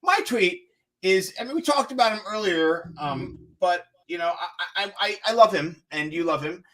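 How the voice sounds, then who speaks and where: Bright, high-voiced male co-host, lively and giggly, live-stream chat. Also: moderate pace. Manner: giggly, animated, talks over clips. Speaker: podcast co-host.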